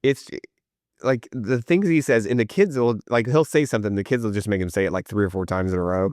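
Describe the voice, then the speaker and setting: Man from East Tennessee, podcast co-host, casual chat, animated storyteller, fillers like "like", low voice, dry close sound. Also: fairly quick, dry recording.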